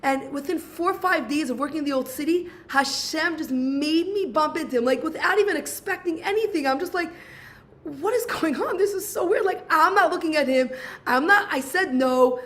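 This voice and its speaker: A woman in her 40s from Brooklyn, USA, shares a personal story in a high voice at a moderate pace. She's animated, acting out the conversations and saying "I'm like" many times.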